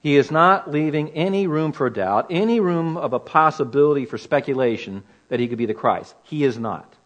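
A man's voice: a little high, lively intonation, moderate pace. A man teaching through a Bible passage in an earnest, emphatic way, often asking rhetorical questions. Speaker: preacher.

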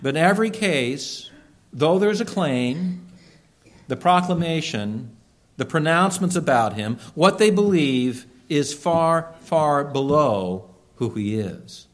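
A man preaching a sermon, earnest and emphatic, slowing down to stress key words. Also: fairly high pitch, animated. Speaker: pastor.

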